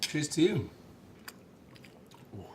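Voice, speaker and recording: A man from Wales with a Welsh accent, chatting as a guest in a relaxed, teasing way in a bar. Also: very slow, a little hiss or hum. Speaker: guest actor. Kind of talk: casual interview chat.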